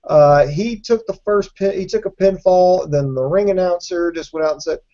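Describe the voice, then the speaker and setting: A man's voice: high voice, moderate pace, warm tone. A man from Alabama co-hosting a casual wrestling review show, dry and sarcastic. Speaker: podcast co-host. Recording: dull lo-fi audio.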